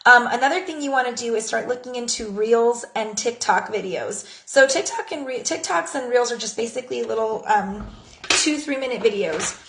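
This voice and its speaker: A woman in her thirties giving casual social media tips for her jewelry business, chatty and acting out little conversations. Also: normal speed. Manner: chatty, acts out conversations in a high bright voice. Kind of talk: casual talk to camera. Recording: echoey room.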